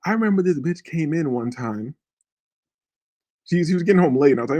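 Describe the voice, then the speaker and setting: A man's voice: medium pitch, quick pace, warm tone. A man hosting a podcast, telling a crude, profane story in a rambling way and often checking in with the listener. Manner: profane, rambling, keeps asking "you feel me". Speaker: podcast host.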